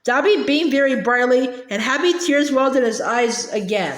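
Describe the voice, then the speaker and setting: A woman narrating a fantasy novel aloud in a steady storytelling manner. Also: high-pitched, normal speed, hardly any pauses, roomy sound. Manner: steady storytelling, small slips and restarts. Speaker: audiobook reader. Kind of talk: audiobook narration.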